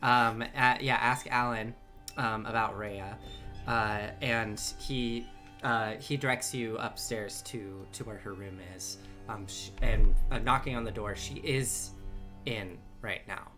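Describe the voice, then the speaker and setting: A woman narrating a tabletop game as game master, halting with many fillers and restarts. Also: very deep voice, steady tone, sharp tone. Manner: halting, full of ums and restarts. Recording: music bed behind.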